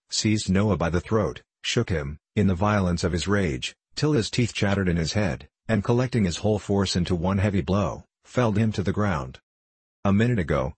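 A man reads a classic novel aloud with a very low, husky voice. His delivery is measured and formal, and the recording is close and dry. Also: dry recording. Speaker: narrator. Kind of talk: audiobook narration of a classic novel.

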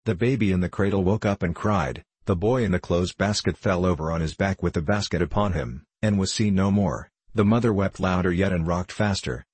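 A man reading a classic novel aloud as an audiobook narrator, in a steady, measured way. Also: sits low, breathy edge, dry recording. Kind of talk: scripted narration.

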